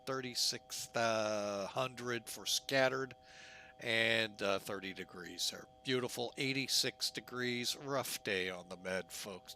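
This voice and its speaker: An unhurried man chats through his flight sim setup in a bright, forceful voice, joking and teasing himself along the way. A faint hum sits under his casual commentary. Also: medium pitch. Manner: chatty, jokey, self-mocking. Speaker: flight simulator streamer.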